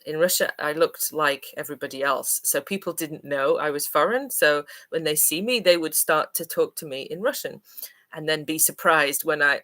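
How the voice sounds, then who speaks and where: With a deep, slightly bright voice at normal speed, this Manchester woman, an English teacher, answers questions on a livestream. She comes across as friendly and hesitant, filling her speech with ums and uhs.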